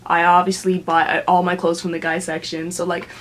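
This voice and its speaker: A woman's voice: on the low side, level tone, normal speed. A young woman from Canada telling a story to camera in a casual, chatty rant, full of fillers and laughing mid-sentence. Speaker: vlogger.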